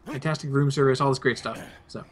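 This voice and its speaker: A man's voice: mid-range voice, fairly even intonation, fast, slight background noise. A young man, host of a two-player gameplay video, casually rambling through a personal anecdote. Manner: rambling anecdote, laid-back. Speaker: let's play host.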